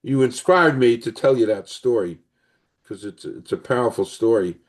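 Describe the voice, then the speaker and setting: A man's voice: mid-range voice, moderate pace. An older man hosting an interview, telling a long personal story in an earnest, rambling way. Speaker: podcast host.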